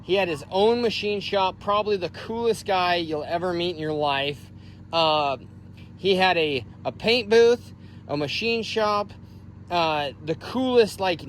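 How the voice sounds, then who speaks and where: A man's voice: sits high, slight background noise. A man walking around a truck he is selling, talking casually and rambling with many fillers. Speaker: vehicle seller. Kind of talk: casual walkaround sales video.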